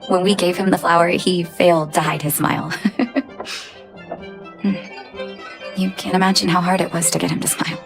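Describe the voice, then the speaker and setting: A soft, reflective young woman in a game cutscene, sighing between thoughts. Her voice sits a little low, and game music runs beneath her lines. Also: fairly even intonation, normal speed, gravelly, pauses often. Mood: wistful. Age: young adult. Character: gentle grown-up orphan woman, heartfelt.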